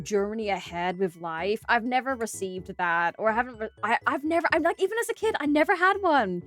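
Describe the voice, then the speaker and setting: A young Australian woman bantering with her live chat, her slightly high voice swooping up and down as she giggles and exclaims. Her delivery is casual and animated, and soft game music plays faintly behind her. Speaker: streamer.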